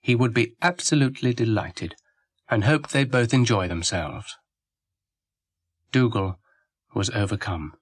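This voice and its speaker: A man narrating a children's story in a wry, gently amused way. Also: lowish voice, unhurried, long pauses, husky, no room sound, studio quality.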